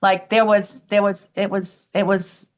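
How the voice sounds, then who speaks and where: A woman's voice: medium pitch, unhurried. A woman from the United States, a podcast guest telling a personal story and acting out the voices of other people. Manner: animated storytelling, acts out quoted voices.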